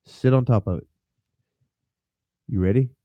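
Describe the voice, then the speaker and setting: A man's voice: mid-range voice, unhurried, dark tone, no room sound, dull audio. A man co-hosting a casual, crude podcast, telling rowdy stories and acting out what other people said. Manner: rowdy storyteller, acts out others' lines. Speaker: podcast co-host.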